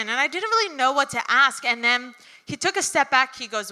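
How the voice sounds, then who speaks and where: A young woman tells a story to a live crowd in a loose, chatty way, scattering ums and likes. Her voice is strikingly bright and a bit high. The sound carries a long hall reverb. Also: moderate pace. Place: event venue with audience.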